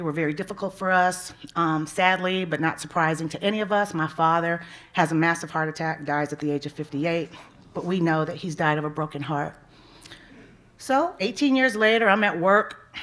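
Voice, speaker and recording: A woman's voice: fairly low pitch, fairly bright tone. A woman in her forties telling a personal family story to a live audience, conversational and full of quoted dialogue. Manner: conversational, quoting family members, frequent "you know" and laughs. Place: museum event stage.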